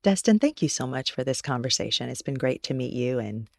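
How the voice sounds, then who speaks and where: A man interviewing a guest, asking gentle, attentive questions. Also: mid-range voice, animated, brisk, gravelly, no echo, clean studio sound.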